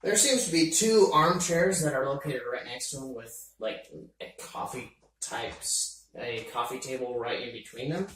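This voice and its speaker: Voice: mid-range voice, measured pace, very echoey, far from the mic, rough recording. A game master narrating a tabletop game with loose, rambling descriptions full of fillers.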